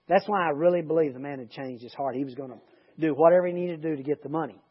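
In a lo-fi recording, a man with a husky, slightly high voice leads a Bible study at a rapid-fire clip. He reads scripture, then keeps interrupting himself with chatty, rambling, joking asides.

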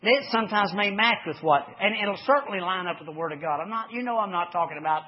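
A man preaching a folksy sermon, swinging from loud to hushed as he tells sports stories. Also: high voice, quick pace, few pauses. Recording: dull lo-fi recording.

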